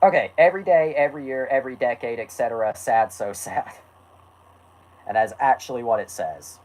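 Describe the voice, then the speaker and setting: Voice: mid-range voice, normal speed, a little mellow, poor audio. A host reading an old story aloud as a joke, with laughs and self-mocking asides. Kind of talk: comic read-aloud with asides.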